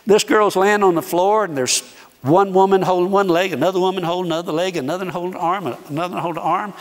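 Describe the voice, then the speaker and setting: A high-voiced man, speaking as a guest preacher, tells a sermon story in an animated way, acting out the dialogue and using dramatic pauses. The recording has an echoey hall reverb.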